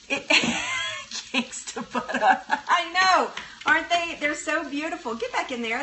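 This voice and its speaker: Chatty woman cooking at the stove, highish voice, laughs a lot, pan sizzling loud behind her. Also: a little hiss or hum. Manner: bubbly, chatty, laughs often, talks to viewers. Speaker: cooking show host. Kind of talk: live cooking demonstration. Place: kitchen at the stove. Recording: sizzling frying pan in background.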